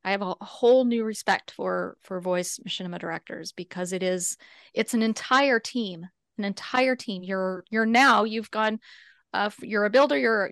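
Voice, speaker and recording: A woman's voice: mid-range voice, vocal fry, a bit bright, no echo. Woman from california, keeps restarting her words, dry room, casual chat. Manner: halting, repeats words. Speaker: machinima creator.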